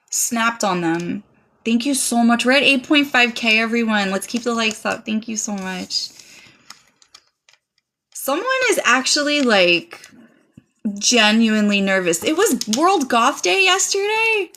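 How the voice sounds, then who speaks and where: A woman's voice: medium pitch, bright, forceful tone. A woman streaming a live tarot reading, chatting casually and dramatically, pouring thanks on her viewers. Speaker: livestream tarot reader.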